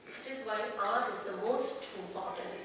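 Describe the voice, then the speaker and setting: A woman's voice: mid-range voice, normal speed. A woman giving a guest lecture on voice training and explaining step by step. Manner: explains step by step, asks the audience questions. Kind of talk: lecture with demonstrations. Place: large echoey meeting hall. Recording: echoey hall from far off, steady noise.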